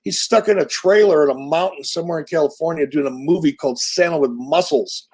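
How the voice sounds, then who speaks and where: A man's voice: a little high, brisk, breathy edge. A man in his sixties, an interview guest telling stories in a casual, punchy, profane way. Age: 60s. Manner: animated, profane, punchy storyteller. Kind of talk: casual storytelling.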